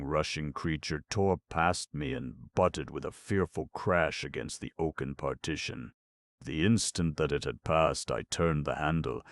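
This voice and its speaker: A man narrating a ghost story in a measured, dramatic reading. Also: a bass voice, no room sound, clean studio sound. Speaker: audiobook narrator.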